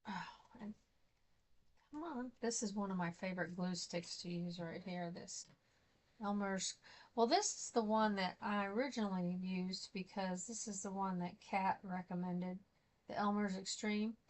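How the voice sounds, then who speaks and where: A woman's voice: medium pitch, fairly even intonation, unhurried. A middle-aged woman chatting casually as she works on a craft project, rambling and laughing often. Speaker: craft vlogger.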